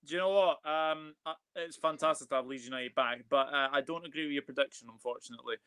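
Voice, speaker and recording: A man's voice: fairly high pitch, fast talker, sharp tone, clean tone. A man hosting a casual football live stream, upbeat and chatty as he reads out viewer comments. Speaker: football channel host.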